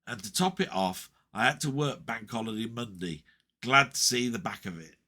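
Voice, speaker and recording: A man's voice: lowish voice, expressive, normal speed, bright, forceful tone. Rambling, heartfelt man vlogging. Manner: rambling and heartfelt, with fillers and restarts. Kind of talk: casual chat to camera.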